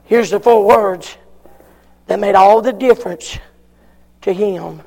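A preacher with a very high, gravelly voice. He preaches in a folksy way and climbs again and again to shouted peaks. The voice rings with the long reverb of a large hall. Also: slow pace. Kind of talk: sermon.

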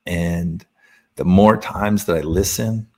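A man's voice: deep voice, takes it slowly. A man speaking as a podcast guest, telling a personal spiritual story in a casual, earnest way, laughing often and using many fillers.

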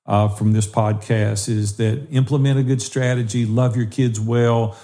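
A man's voice: mid-range voice, fairly even intonation, a little slow, mellow. A man co-hosting a podcast, earnestly urging listeners and speaking straight to them. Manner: earnest, exhorting listeners directly. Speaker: podcast co-host. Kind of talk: encouraging podcast talk.

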